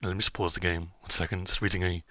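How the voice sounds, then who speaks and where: A man's voice: low voice, level tone, fast, a bit bright, no room sound, clean studio sound, soft background music. A man streaming a game, chatting casually in a rambling way, with many fillers and self-interruptions. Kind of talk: casual gameplay chat.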